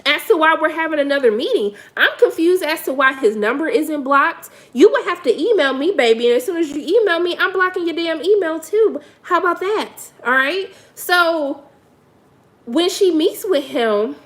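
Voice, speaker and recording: High, lively woman dishing on reality TV. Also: moderate pace. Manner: sassy, blunt, talks straight to viewers. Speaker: reality TV commentator. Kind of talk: casual live commentary.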